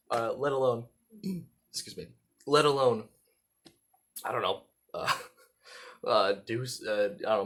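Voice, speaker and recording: A young man talking casually into a camera from a room, rambling and halting with lots of fillers and the odd swear word. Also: mid-range voice, breathy edge. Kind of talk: casual vlog monologue. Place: indoor room at home.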